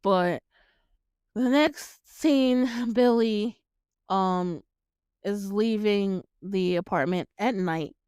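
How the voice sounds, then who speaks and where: A woman's voice: on the high side, takes it slowly, clear, resonant tone, dry recording, clean studio sound. A woman hosting her own show, recapping a movie in casual chat, swearing freely, laughing often and acting out her reactions. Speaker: podcast host reviewing a film.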